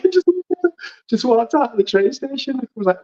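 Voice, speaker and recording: A man with a Northern English accent on a casual fan podcast, lively as he tells anecdotes. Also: very high voice, a little fast. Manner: lively anecdote teller, laughs through stories. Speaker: podcast co-host. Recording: slightly dull lo-fi audio.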